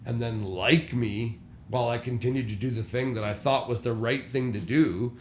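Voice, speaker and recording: A man's voice: medium pitch, fairly even intonation, normal speed, a little hiss or hum. A man who leads church worship, speaking candidly in a casual podcast conversation and acting out the people he quotes. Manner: candid storyteller, acts out quoted voices. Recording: roomy echo.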